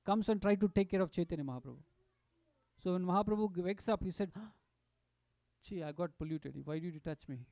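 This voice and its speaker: A man giving a devotional storytelling talk at a satsang, animated and full of fillers and restarts. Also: sits high, no room sound. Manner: animated, acts out quotes, many fillers and restarts. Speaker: satsang speaker.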